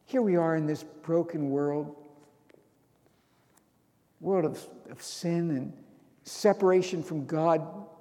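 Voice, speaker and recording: A man preaching a sermon, who reads scripture aloud and rises to loud, emotional bursts. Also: fairly high pitch, slow pace, pauses often, long reverb tail.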